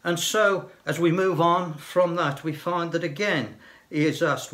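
Older male church elder, sermon delivery, slow and gentle, slightly raised pitch, hushes key phrases. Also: steady tone.

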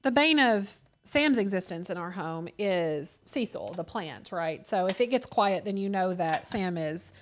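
A woman in her thirties co-hosts a casual chat, telling stories and acting out other people's voices as she quotes them. Her voice is on the low side and expressive, moving at a measured pace with hardly any pauses. A slight hiss or hum sits under the audio.

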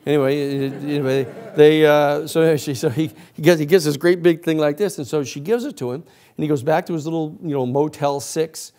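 A male lecturer spinning a long story for a class. His telling is rambling and animated, full of fillers and restarts. His voice sits fairly high for a man. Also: fairly quick.

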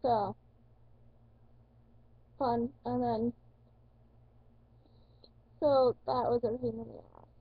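A woman's voice: fairly high pitch, little pitch movement, takes it slowly, pauses often, husky, dry recording. A teenage woman vlogging in casual chat, rambling, correcting herself and swearing casually. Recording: dull lo-fi dry recording.

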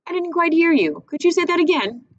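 A woman's voice: extremely high pitch, sing-song, fairly quick, voice pushed up. A woman voicing a stubborn, easily annoyed young boy who talks in a grumpy, defensive way. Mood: evasive. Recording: muffled with faint hiss.

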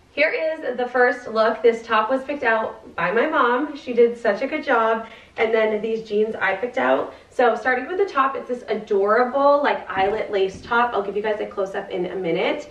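A young woman, a fashion vlogger, chatting in a bubbly way while she tries on clothes for a haul video. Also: medium pitch. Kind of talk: try-on haul vlog. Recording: roomy, distant and slightly dull.

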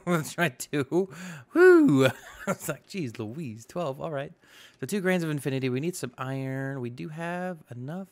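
A man's voice: medium pitch, gravelly, fairly bright tone. A man giving casual, chatty commentary on his own gameplay, thinking aloud and tossing in exclamations. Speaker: gaming YouTuber. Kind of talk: casual let's-play commentary.

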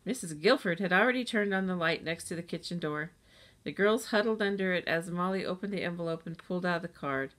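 A woman reads a children's chapter book aloud with a steady storytelling pace. Her voice sits a little low and stays even. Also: a little fast. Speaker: narrator.

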